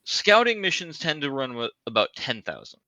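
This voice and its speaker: A man's voice: fairly high pitch, very animated, moderate pace, bright, forceful tone, no room sound, low-quality recording. A man taking part as a player in a tabletop game, talking plainly and bargaining in character.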